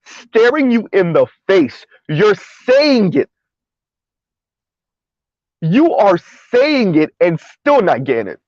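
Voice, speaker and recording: A man's voice: high voice, sing-song, slow, long pauses, darkish tone, dry recording. A man giving opinionated commentary in an emphatic, sarcastic way, repeating his points, talking from his car. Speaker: commentary vlogger. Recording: dull lo-fi recording.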